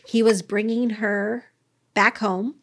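A woman's voice: mid-range voice, level tone, unhurried, fairly bright tone. A woman co-hosting a podcast in casual chat, sometimes searching for words. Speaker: podcast co-host.

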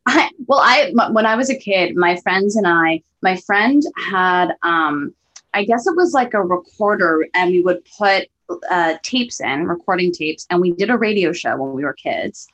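Relaxed woman comedian telling stories. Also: on the low side, moderate pace, dull audio. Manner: relaxed, self-deprecating storytelling. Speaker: comedian guest. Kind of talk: casual conversation.

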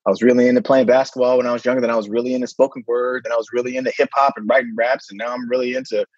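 A middle-aged-sounding man speaks with a husky, slightly breathy voice and an emphatic, animated rhythm, leaning on "man" and "right?" as he builds his points. He sounds close and dry, as if on a remote call with a dull, lo-fi sound. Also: mid-range voice, very fast, no room sound. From San Francisco. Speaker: guest, middle school principal. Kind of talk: casual conversational interview.

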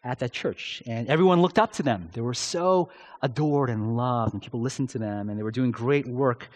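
A male pastor delivering a sermon in an ordinary mid-range voice. His delivery is impassioned, with big swings between loud, emphatic lines and low, quiet drops. He fills his pauses with frequent "uh"s as he tells his story. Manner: uses filler "uh" often.

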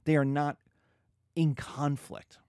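A man's voice: on the high side, takes it slowly, no echo, clean studio sound. A man giving a conversational history lecture, acting out scenes as he goes. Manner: animated, conversational, acts out scenes. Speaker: history teacher. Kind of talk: classroom lecture.

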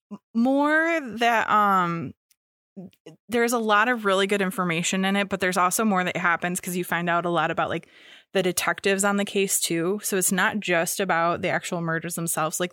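A woman's voice: fairly low pitch, fairly bright tone, no echo. Chatty young woman, dry close sound. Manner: chatty, lots of fillers and restarts. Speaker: podcast co-host. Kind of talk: casual chat.

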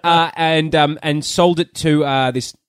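A man's voice: a little high, steady tone, a little slow, clean tone, dry recording. A man with a slightly raised voice chats loosely among friends, laughing often and stumbling through fillers as he retells a plot. The sound is close and dry. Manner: rambling, laughing, many fillers. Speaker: podcast co-host. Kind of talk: casual chat among friends.

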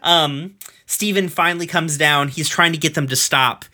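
A man casually recapping a cartoon episode on a podcast, loose and profane, with lots of fillers and quick asides. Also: a little high, bright, forceful tone.

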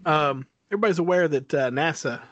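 A man co-hosting a casual podcast, telling stories in a halting way, full of fillers and restarts. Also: on the high side, a bit bright, dry recording, dull audio. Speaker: podcast co-host. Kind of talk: casual chat.

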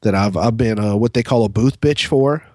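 Dude rambling thru a story on a podcast, lots of uh and like, cusses, pretty dry room. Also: male voice, on the low side, moderate pace, darkish tone, no echo. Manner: rambling, profane, many fillers and restarts. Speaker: podcast co-host. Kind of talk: casual storytelling chat.

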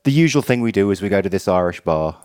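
A man's voice: low voice, animated, fast, a little mellow, clear, resonant tone, no echo, clean studio sound. A man from England, his English accent faded, co-hosting a podcast and telling a rambling story with restarts. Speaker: podcast co-host. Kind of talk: casual chat.

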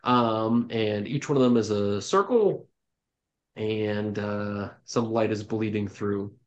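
A man's voice: fairly low pitch, slow pace. Easygoing male dungeon master, lo-fi. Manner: relaxed, loose narration with many fillers and restarts. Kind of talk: narrating a tabletop game. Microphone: home microphone on an online call.

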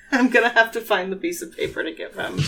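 A woman's voice: mid-range voice, normal speed, vocal fry, bright, forceful tone. A woman co-hosting a podcast, explaining things in a rambling way full of fillers and laughs. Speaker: podcast co-host. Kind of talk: casual chat.

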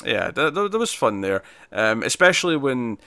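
एक आदमी जीवंत और बिखरे अंदाज़ में अनौपचारिक बातचीत कर रहा है, उसकी आवाज़ तेज़ और चमकदार है, और रिकॉर्डिंग बिल्कुल सूखी, बिना गूंज की है।. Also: male voice, mid-range voice, no echo. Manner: animated, rambling, drops into quick impressions. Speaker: podcast co-host. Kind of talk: casual chat reviewing a TV episode.

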